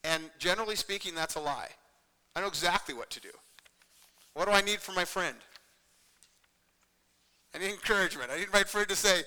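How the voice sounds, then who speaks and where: A man preaching in an earnest, conversational way, often pausing to check in with his listeners. His voice sits a bit high and sounds bright and crisp. A long church-hall reverb trails behind his words. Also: animated. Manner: earnest, repetitive, conversational preaching with frequent "okay?" check-ins. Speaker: pastor. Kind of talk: sermon.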